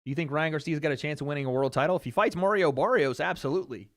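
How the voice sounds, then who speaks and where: A man from Tennessee hosting a fight watch party stream, answering viewer questions in slangy, casual talk and cheering loudly when the action heats up. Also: fairly high pitch, racing. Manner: laid-back and slangy, swearing, gets loud cheering the fight. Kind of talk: casual livestream chat, reading viewer questions.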